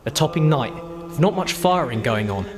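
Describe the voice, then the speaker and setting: A man voicing a brisk WW1 officer over a crowd. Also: fairly high pitch, expressive, natural voice. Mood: cheery. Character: British WW1 officer writing to his sister.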